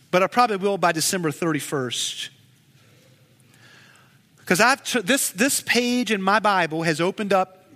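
Male pastor, high voice, unhurried; impassioned sermon in a reverberant hall. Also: bright, forceful tone. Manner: emotive preaching, rising to urgent pleas then dropping low.

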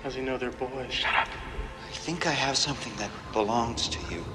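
A man's voice: medium pitch, fairly quick, lightly acted. A man playing a nervous NASA scientist who earnestly pleads to talk with aliens, in a movie clip. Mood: coaxing. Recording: movie clip, echoey, with score.

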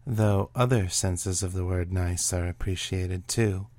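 A man reading the part of a sultry, teasing female medical examiner in a story, slow and suggestive. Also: deep voice, fairly even intonation, a little mellow. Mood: seductive. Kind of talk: audiobook reading of a serial story.

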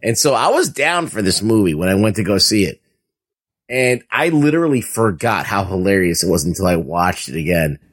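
A man co-hosting a casual movie review podcast, talking in an animated way with lots of fillers and laughter. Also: sits low, fairly quick, slightly rough. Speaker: podcast co-host.

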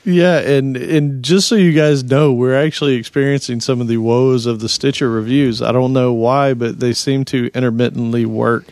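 Male podcast co-host, mid-pitched, chatty, dry close sound. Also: fairly even intonation, normal speed, few pauses, a little mellow, no echo. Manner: chatty, thinks aloud with restarts. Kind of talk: casual tech podcast chat.

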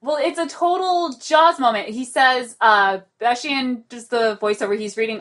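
A woman with a slightly high voice hosts a casual podcast. She chats in an animated, giggly way. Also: moderate pace, few pauses. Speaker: podcast host.

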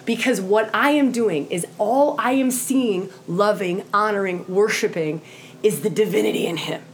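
A woman's voice: mid-range voice, normal speed, slight background noise. A woman teaching tantra to a group in an impassioned way, often checking in with "right?" and acting out quoted voices.

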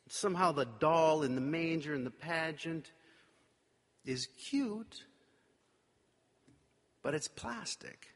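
A man's voice: fairly high pitch, fairly bright tone. A male pastor giving a sermon in a conversational, wry way, with playful asides. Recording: long reverb of a large hall.

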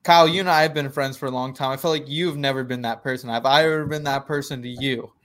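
A man's voice: medium pitch, fairly even intonation, fast talker, fairly bright tone. A man co-hosting a casual sports podcast, laughing often and stammering through restarts. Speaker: podcast co-host.

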